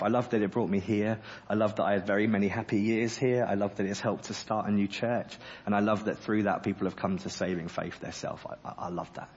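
A man preaching a sermon in church, earnest and passionate with humorous asides. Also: fairly low pitch. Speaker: pastor. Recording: dull lo-fi sermon audio.

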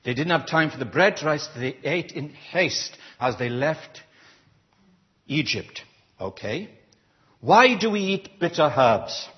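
A man preaching in a church service, questioning the congregation and leading a prayer with a slow, deliberate manner. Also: fairly high pitch, lively intonation, highs cut off. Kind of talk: interactive sermon.

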